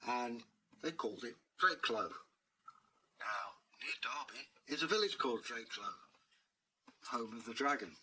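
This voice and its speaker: A man's voice: mid-range voice, animated, normal speed, long pauses, bright, forceful tone, slight background noise, rough recording. A man telling a story in a wry, conversational way. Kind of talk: casual storytelling narration.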